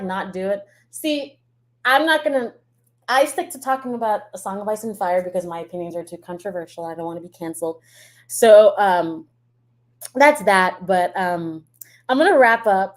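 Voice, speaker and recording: Blunt, chatty woman reacting casually. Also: medium pitch. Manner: chatty, blunt and profane, laughing often. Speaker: YouTuber reacting to a show trailer.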